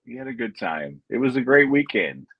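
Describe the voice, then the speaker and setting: A man chatting as a guest in a relaxed way, laughing often and filling pauses with "uh". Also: medium pitch, muffled recording, a crowd in the background. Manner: laid-back, laughs often, hesitant fillers. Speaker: guest, paranormal investigator. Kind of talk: casual chat. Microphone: video call.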